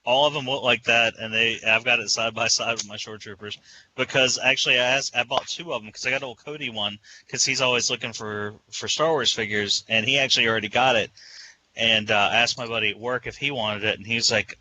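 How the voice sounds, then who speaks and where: A man's voice: medium pitch, fairly even intonation, quick pace, sharp tone, slight background noise, low-quality recording. A man co-hosting a casual podcast, blunt and chatty, telling stories and quoting others. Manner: blunt, storytelling, quotes others. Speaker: podcast co-host. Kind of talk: casual chat.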